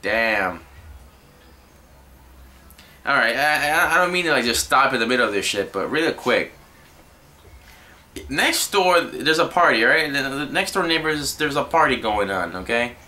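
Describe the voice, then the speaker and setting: A young man rants into the camera, exasperated and cursing at every turn. His voice is bright and forceful, and his pitch swings all over the place as he rambles. The talk is loose and unscripted. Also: expressive, a little slow, pauses often. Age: young adult. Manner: exasperated, swears constantly, rambling. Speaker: vlogger. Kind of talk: profane ranting commentary.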